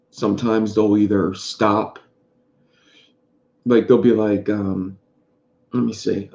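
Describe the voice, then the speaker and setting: Rambling through a casual live stream, a vape reviewer with a low, dark, gravelly voice calls out chat viewers by name. The audio is dull and lo-fi, recorded in an echoey room.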